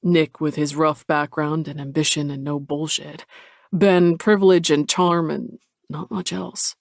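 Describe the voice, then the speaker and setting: Gravelly man narrating an audiobook. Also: on the high side, little pitch movement, no echo, studio quality. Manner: measured, introspective. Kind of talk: first-person scripted narration.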